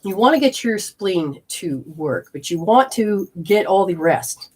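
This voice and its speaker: A woman who hosts an instructional health show as an energy healer speaks right to the viewer in an emphatic, folksy way, tossing in rhetorical questions and exclamatory asides. Her medium-pitched voice is very animated, a little slow, husky, and darkish in tone.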